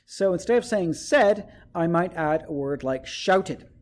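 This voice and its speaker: A man's voice: a little high, expressive, measured pace, a little mellow. A male teacher giving a writing lesson to children, explaining step by step and often checking in with "okay?".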